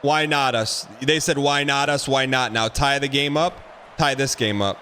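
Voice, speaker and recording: A man streaming a football video game, giving excitable running commentary and repeating phrases as he plays. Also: medium pitch, moderate pace, slight background noise. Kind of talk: live gameplay commentary.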